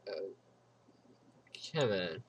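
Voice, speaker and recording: A man's voice: low voice, expressive, very slow, slight background noise. A man streaming a game, reading its text aloud and rambling through playful, giggly asides. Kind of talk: casual let's-play commentary, reading game text aloud. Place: home streaming setup.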